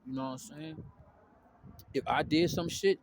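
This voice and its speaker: A man's voice: fairly high pitch, steady tone, normal speed, slight background noise. A man giving a casual spiritual rant, full of profanity and street slang and constantly asking "you know what I'm saying". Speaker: spiritual vlogger.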